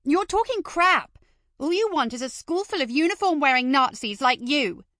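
A woman's voice: high-pitched, lively intonation, moderate pace, bright, forceful tone, no room sound, studio quality, pitched above the performer's own voice. A woman voicing a defiant, hot-tempered teenage schoolgirl who talks back angrily and cheekily. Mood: furious. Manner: cheeky, angry back talk.

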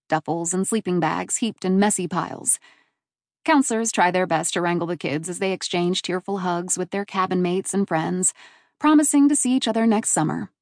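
A woman's voice: lowish voice, dry recording, studio quality. Woman reading a first-person audiobook. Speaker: narrator.

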